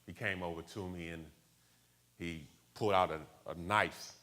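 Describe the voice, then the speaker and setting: A middle-aged man from Buffalo, New York, telling his life story in a lively way and acting out the voices of people in it. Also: low-pitched, moderate pace. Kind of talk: personal storytelling talk.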